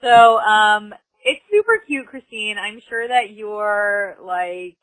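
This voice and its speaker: A woman's voice: mid-range voice, expressive, takes it slowly, fairly bright tone, rough recording. A woman co-hosting a podcast, casually recapping a TV episode and acting out the characters' lines. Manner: chatty storyteller who acts out characters' lines. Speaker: podcast co-host.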